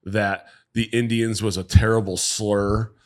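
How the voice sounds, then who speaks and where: A man's voice: lowish voice, level tone, unhurried. A man co-hosting a podcast, blunt and opinionated, talking in casual chat and often cutting in. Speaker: podcast co-host.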